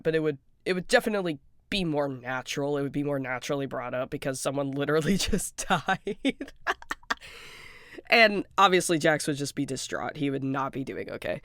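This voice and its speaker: A fan rambling casually about a cartoon, excitable and giggly, often breaking into laughter. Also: medium pitch, clean tone, no echo, studio quality. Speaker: fan commentator.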